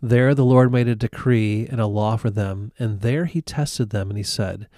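A man's voice: fairly low pitch, moderate pace, dark tone, no room sound, studio quality. Man retelling Bible stories conversationally. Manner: storytelling with acted-out quotes, frequent fillers. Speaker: Bible teacher.

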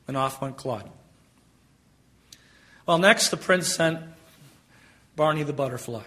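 High, bright-voiced male preacher. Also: takes it slowly, long pauses. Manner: emphatic, stretches key phrases. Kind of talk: sermon with storytelling.

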